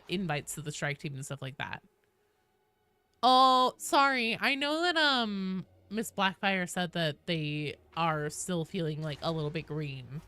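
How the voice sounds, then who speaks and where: A young woman with a bright, forward, nasal voice, chatting casually with her stream audience. Her pitch swings widely as she reads chat and reacts between rounds. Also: no echo.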